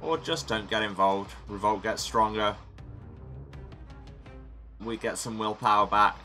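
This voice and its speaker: A man with a bright, forceful voice hosts a let's play of a story game. He reads the narration and then muses aloud on his choices with wry humor, over faint music. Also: lowish voice, steady tone, measured pace. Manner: wry, musing commentary. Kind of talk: reading game text and commenting.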